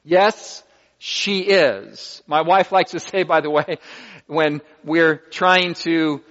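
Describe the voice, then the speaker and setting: High-voiced slow preacher in a hall. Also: male voice, fairly bright tone. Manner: deliberate, teaching, reads scripture aloud. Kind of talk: sermon. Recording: dull lo-fi recording in a hall.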